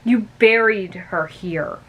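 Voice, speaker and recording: A woman reading a young man's loud, accusing lines in a spooky storybook tale. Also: medium pitch, slow, breathy edge, rough recording. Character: shouting accusing young man.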